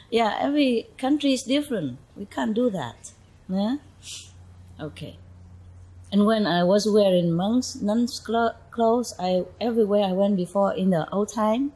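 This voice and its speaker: A woman teaching spirituality tells stories to her followers in an informal, chatty talk, laughing often and saying things like "you know." Her mid-range voice is warm and slightly rough, her pace measured, and the recording rough.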